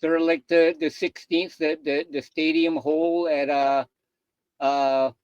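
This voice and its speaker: A man's voice: a little high, little pitch movement, measured pace, a little mellow, clean tone, no room sound, far from the mic. A man co-hosting a podcast, mostly chiming in with short reactions. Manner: brief reactions and backchannel responses. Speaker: podcast co-host. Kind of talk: casual podcast chat. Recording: dull, dry lo-fi sound.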